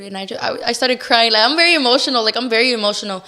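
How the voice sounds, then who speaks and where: A woman's voice: a little high, very fast, hardly any pauses, pushed and bright. A young adult woman, a podcast guest, telling a personal story in a chatty way with many "like" fillers, acting out what people said. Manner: chatty, lots of "like" fillers, acts out quoted lines. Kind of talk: casual storytelling interview.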